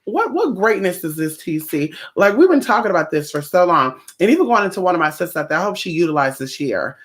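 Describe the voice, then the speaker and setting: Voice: mid-range voice, very animated, quick pace. Sassy, chatty livestream host. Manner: sassy, chatty, swears often, calls viewers honey. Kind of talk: casual livestream chat with viewers.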